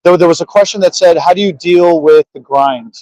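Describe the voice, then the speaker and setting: A man co-hosting a podcast, talking in animated, teasing banter and saying he is exhausted. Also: a little high, a little fast, no echo, poor audio. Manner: animated, teasing, says they are exhausted. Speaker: podcast co-host. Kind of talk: casual banter. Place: trade show floor.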